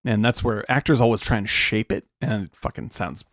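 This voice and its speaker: A man co-hosting a movie podcast, chatting casually, animated and laughing often, with casual swearing. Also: lowish voice, a little fast, no echo. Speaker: podcast co-host.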